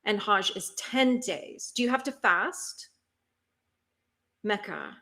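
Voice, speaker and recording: A woman hosts a cozy productivity livestream, speaking slowly in an animated, mid-range voice that sounds pushed and bright. She chats casually, answers viewer comments, asks lots of questions and laughs frequently.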